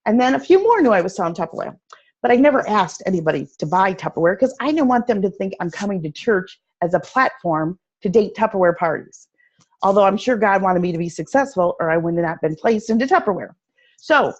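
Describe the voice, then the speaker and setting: A woman giving a casual sales training talk, telling stories in a chatty, animated way full of fillers and restarts. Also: on the low side. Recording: dull lo-fi recording.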